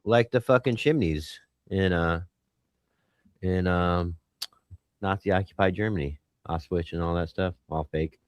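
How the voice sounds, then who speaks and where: A man's voice: sits low, unhurried, no room sound. A man in casual podcast chat, rambling and argumentative, swearing often. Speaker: podcast host.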